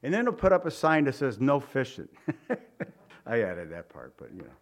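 A man's voice: mid-range voice, wildly swooping pitch, normal speed. Folksy man preaching an informal sermon. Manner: folksy, conversational, tells anecdotes. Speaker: pastor.

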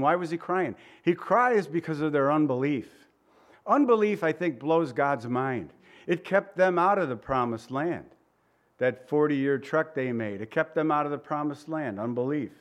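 A man preaching with a slightly high voice. He keeps it conversational, stepping into short quoted asides and asking the congregation rhetorical questions. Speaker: pastor. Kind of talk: sermon.

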